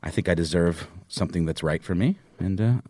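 A man's voice: deep voice, a little fast, warm tone, no echo, studio quality. A middle-aged man co-hosting a podcast in casual chat. He rambles animatedly, full of fillers and restarts. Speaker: podcast co-host.

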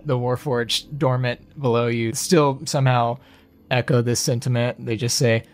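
A man narrating a tabletop game as game master, relaxed and halting. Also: medium pitch.

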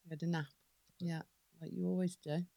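Woman, lowish voice, playful mock-complaining, dry sound. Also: flat delivery, a little fast, vocal fry, warm tone, dry recording. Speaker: podcast co-host. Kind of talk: casual chat.

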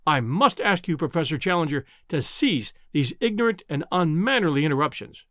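A man voicing a strict, acid-tongued male lecturer who speaks slowly and emphatically in an audiobook reading. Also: a little high, expressive, fairly bright tone, no room sound, studio quality. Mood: exasperated. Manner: slow and emphatic when he repeats himself. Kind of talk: audiobook character voice.

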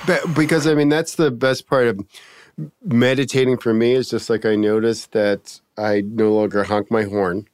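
A man in casual conversation, telling a story in a rambling, halting way. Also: medium pitch, steady tone, darkish tone, clean tone, dry recording, clean studio sound. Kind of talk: casual chat.

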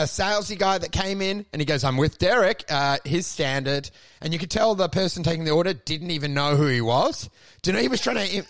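A man co-hosting a podcast in casual comedic chat, animated and swearing, slipping into put-on voices. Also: high voice, no echo. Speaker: podcast co-host.

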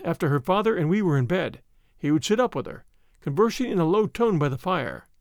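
A man narrating a story in a measured audiobook reading. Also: high-pitched, no echo, studio quality.

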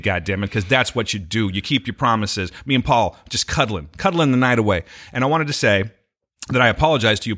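Animated bright-voiced man on a podcast. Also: mid-range voice. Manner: animated, rambling, jokey with tangents. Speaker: podcast co-host. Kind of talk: casual podcast chat.

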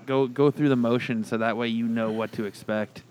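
A man hosting a podcast in casual chat, telling stories animatedly and acting out quotes with big jumps in pitch. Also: steady tone, a little fast, a little mellow, clear, resonant tone. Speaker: podcast host.

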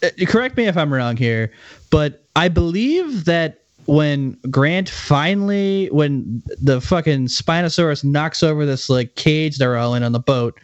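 A man's voice: on the high side, animated, measured pace, no echo, highs cut off. A man from Boston co-hosting a podcast, ranting sarcastically and swearing often in casual chat. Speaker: podcast co-host.

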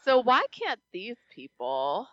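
A woman co-hosting a podcast in casual chat, blunt and quick to swear, laughing often. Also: fairly high pitch, huge pitch swings, a bit bright, dry recording, highs cut off. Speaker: podcast co-host.

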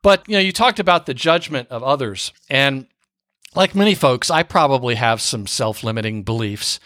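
A man's voice: medium pitch, lively intonation, moderate pace, fairly bright tone, dry recording, studio quality. A man hosting an interview podcast, asking questions in a playful, joking manner. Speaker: podcast host. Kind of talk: conversational interview.

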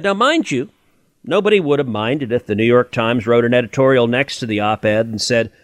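A man's voice: fairly high pitch, fairly bright tone, no room sound. A man hosting a political podcast, talking in an emphatic, sarcastic way that builds into indignation. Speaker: podcast host, senator.

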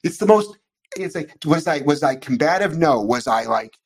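A man hosting a casual podcast about dog training, animated, loud and blunt. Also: fairly high pitch, moderate pace, creaky.

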